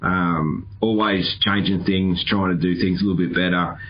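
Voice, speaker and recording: A man's voice: sits low, fairly even intonation, normal speed, muffled recording. A man hosting a casual interview podcast, easygoing and rambling, laughing often. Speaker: podcast host.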